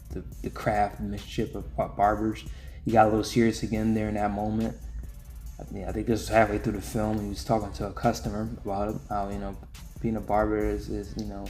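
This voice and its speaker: A man's voice: fairly low pitch, darkish tone. A young man giving a casual, rambling spoken movie review, full of restarts and offhand asides. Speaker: film reviewer.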